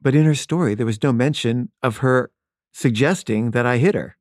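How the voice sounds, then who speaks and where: A man tells a personal story in a candid, wry, conversational way. His voice is mellow and relaxed, and it sits at an everyday middle pitch. The sound is dry and close, with little room echo. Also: normal speed.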